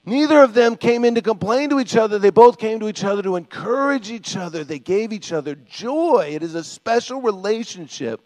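Animated older male preacher, dry sound. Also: high-pitched, a little fast, few pauses, no echo. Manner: animated, acts out biblical voices, swings from soft to loud. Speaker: pastor. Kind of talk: sermon.

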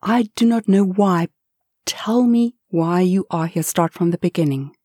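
A woman voicing a wary, guarded local woman who speaks in a firm, measured way. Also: fairly low pitch, mellow, dry recording, clean studio sound. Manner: firm, measured, plain-spoken.

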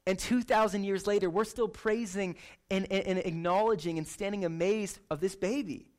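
A man preaching a sermon in a casual, conversational way, animated and chatty, often tagging lines with "right?". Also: high-pitched, moderate pace. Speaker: pastor.

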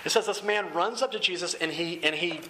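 A young campus ministry speaker preaches to a seated crowd in a room lined with chairs, earnest and conversational, repeating and restating his phrases. His high voice is quick, bright and pushed, and the rough recording carries some hiss or hum.

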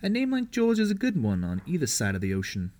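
A man's voice: on the high side, huge pitch swings, fast, darkish tone, pitched above the performer's own voice. A man voicing a cheerful young mother, a soldier's wife, in a storybook reading.

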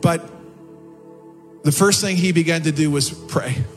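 Male pastor, impassioned sermon delivery, high voice, faint music under. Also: measured pace. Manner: impassioned preaching, rising in pitch on quotes and prayers. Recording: long hall reverb with faint music behind. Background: soft music.

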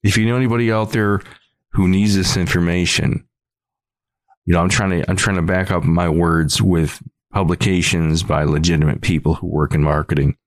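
A middle-aged man with a very deep voice hosts his podcast, rambling earnestly and often restarting his sentences. The sound is close and dry, with no room around it. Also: fairly even intonation, moderate pace, dry recording. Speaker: podcast host. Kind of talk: rambling monologue.

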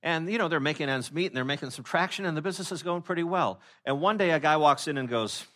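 Bright-voiced man preaching casually. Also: a little high, fast talker, few pauses. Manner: conversational, many fillers and restarts; acts out quoted speakers in short voices. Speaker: pastor. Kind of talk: sermon.

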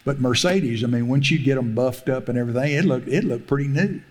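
A man's voice: mid-range voice, a little fast. A middle-aged man, preaching a sermon and telling a story, laughing often and acting out the voices he quotes. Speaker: pastor.

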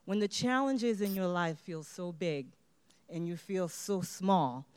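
A woman's voice: on the low side, slow pace, a little mellow, smooth. A woman giving a motivational award acceptance speech, leading her listeners in call-and-response chants.

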